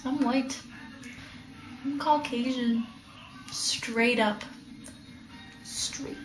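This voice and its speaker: A woman's voice: a little high, unhurried, darkish tone, roomy sound, faint music behind. A teenage girl vlogging at home, chatting to the camera in a bubbly, rambling, joking way while lying on the floor, recorded on a built-in camera mic. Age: teens. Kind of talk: casual chat to camera.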